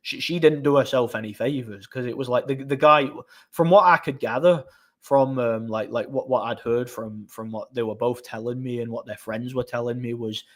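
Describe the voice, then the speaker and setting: Speaking at normal speed in a medium-pitched voice, a man hosting a relaxed live stream tells long, meandering stories. He keeps restarting his thoughts and adds small laughs here and there.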